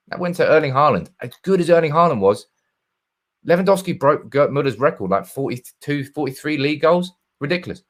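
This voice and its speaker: A man's voice: mid-range voice, a bit bright. A man hosting a live football stream, chatting casually and reading out viewers' comments. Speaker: football channel host.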